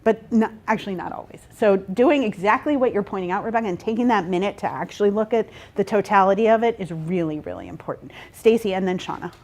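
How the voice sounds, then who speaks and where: Animated woman leading a workshop. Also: mid-range voice, quick pace, few pauses. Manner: animated, checks in with rhetorical "right?" and "okay?". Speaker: workshop facilitator. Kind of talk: interactive workshop talk.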